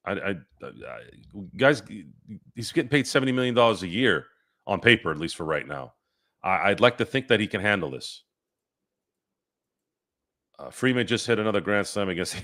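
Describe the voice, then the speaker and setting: A low-voiced man hosts a casual sports live stream. He reads viewers' comments and fires back at them, arguing in rambling sentences full of restarts. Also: lively intonation, normal speed, a bit bright.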